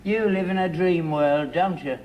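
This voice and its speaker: An actor playing a cynical old father from grumbles in a sour, stubborn way. His voice sits a little high for an old man. The archive sitcom recording carries a clear hiss and distant audience laughter. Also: moderate pace, muffled recording, close to an everyday voice. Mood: grumbling. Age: older. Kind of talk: 1960s-70s TV sitcom acting.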